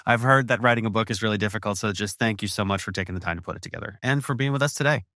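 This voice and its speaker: A man's voice: on the low side, very fast, pushed and bright, no room sound, clean studio sound. A man hosting a podcast interview, talking in an enthusiastic, effusive way with lots of restarts. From USA. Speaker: podcast host. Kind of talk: casual interview chat.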